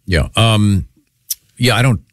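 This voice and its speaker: A man's voice: fairly low pitch, slow, dry recording. A man hosting a casual chat, rambling and self-mocking, trailing off with ums.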